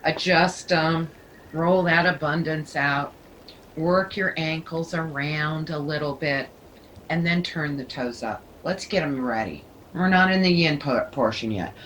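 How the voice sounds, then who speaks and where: A woman leading a yoga class, giving calm, soothing cues. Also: deep voice, measured pace, slight background noise, poor audio. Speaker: yoga teacher. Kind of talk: guided yoga instruction.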